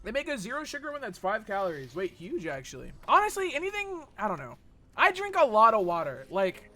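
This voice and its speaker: A man's voice: high-pitched, wildly swooping pitch, fairly quick, bright, forceful tone, soft background music. A young man streaming a game, chatting casually and reading chat with a rambling, sweary manner full of fillers.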